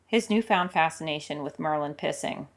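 A woman with a low voice reads an audio story aloud. Her delivery is calm, steady and intimate, a measured scripted narration. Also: noisy background. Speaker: audiobook reader of fan fiction.

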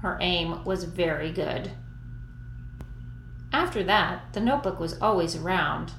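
A woman's voice: lowish voice, measured pace, fairly bright tone, a little hiss or hum. Woman reading a story aloud. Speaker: narrator. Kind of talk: fan fiction read aloud. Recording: echoey room.

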